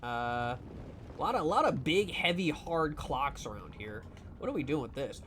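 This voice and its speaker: A man's voice: medium pitch, animated, moderate pace, a bit bright, a little hiss or hum. A man streaming a game live, chatting casually in a rambling, profane, teasing way full of fillers. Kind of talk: casual live gameplay chat.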